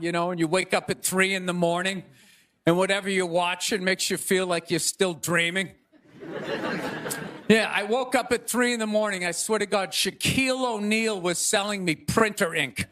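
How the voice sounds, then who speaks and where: A man hosting a comedy show, delivering a rambling stand-up monologue with exasperated loud bursts. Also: high-pitched, moderate pace. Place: stage before a live audience. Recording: live show with crowd laughter.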